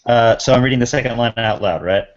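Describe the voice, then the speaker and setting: A man's voice: mid-range voice, fast, dull audio. A man taking part as a student in an online class, thinking aloud casually over a video call.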